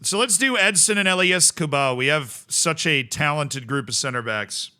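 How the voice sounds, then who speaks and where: A man streaming a video game live, chatting casually, reading chat aloud and breaking into excited shouts. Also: mid-range voice, normal speed, few pauses. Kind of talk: casual live-stream commentary while playing.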